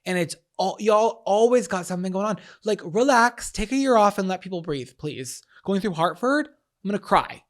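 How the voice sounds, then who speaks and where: A woman co-hosting a chatty podcast, reading submitted stories aloud and reacting with emphatic, animated commentary. Her voice sits at a medium pitch for a woman. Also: moderate pace, hardly any pauses. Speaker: podcast co-host. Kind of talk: casual chat, reading listener stories aloud.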